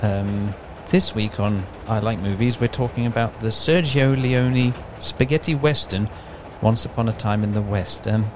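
A man's voice: lowish voice, a little slow, few pauses, over music. A man hosting a casual podcast chat, rambling and hesitant with lots of fillers. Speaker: podcast host.

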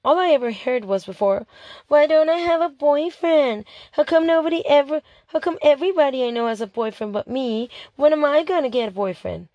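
A woman's voice: sits high, animated, fairly quick, no echo, dull audio, pitched above the performer's own voice. A woman voicing a superior, know-it-all teenage girl who lectures in an analytical way. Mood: lecturing.

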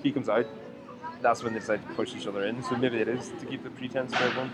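A man's voice: medium pitch, steady tone, noisy background. An Irish man co-hosting a podcast, chatting casually and joking with his co-host. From Ireland. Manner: quick, jokey, swears casually. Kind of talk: casual chat.

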